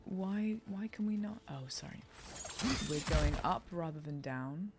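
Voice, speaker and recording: A young woman gives let's-play commentary, chatting and reacting aloud to what happens on screen. Her voice swings widely in pitch as she talks. A faint noise sits under the recording. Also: expressive, unhurried. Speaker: gaming streamer.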